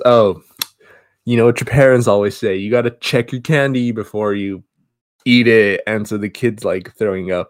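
A man's voice: lowish voice, no room sound. Casual man recapping a movie. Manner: rambling retelling with quick acted quotes. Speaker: podcast co-host.

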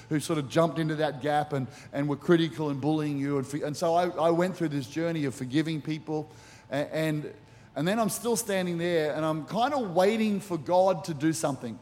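In a church auditorium, a middle-aged male pastor preaches, animatedly telling stories and slipping in acted asides. His voice is on the high side and slightly mellow, and the audio carries church hall reverb with faint music behind it.

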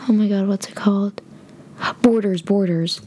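18 yr old girl, spanish is her first language, rambling on about her childhood, warm soft voice, little bit of hiss. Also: mid-range voice, fairly even intonation, moderate pace. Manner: rambling, chatty, frequent "like" and "oh my God". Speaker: vlogger. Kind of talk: casual storytelling to camera.

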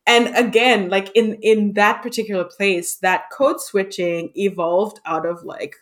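A woman hosts a relaxed podcast conversation, her speech chatty and full of fillers. Her pitch sits in a middle range, and her voice is expressive. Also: measured pace. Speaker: podcast host. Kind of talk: casual conversation.

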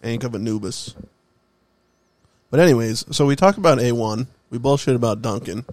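A man's voice: medium pitch, moderate pace, a little mellow, no room sound. A man teasing his friends sarcastically during a casual chat.

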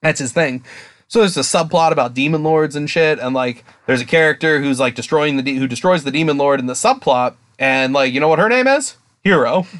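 An excitable man co-hosts a casual podcast, his voice sitting a bit high for a man. He swears freely and jumps up into quoted voices. The recording is dry and close. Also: brisk, no room sound. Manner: excitable, swears a lot, acts out quotes in a higher voice. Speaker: podcast co-host.

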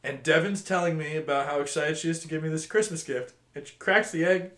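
Young man, podcast co-host, animated swearing storyteller, slightly high voice, echoey cellar. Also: a little fast. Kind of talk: casual chat. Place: home cellar.

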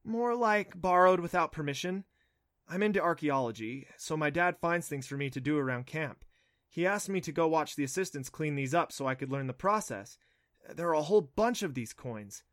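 A man voicing a nervous, excitable young girl with a squeaky voice, in an audiobook reading. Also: moderate pace. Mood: sulky. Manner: squeaky, jittery.

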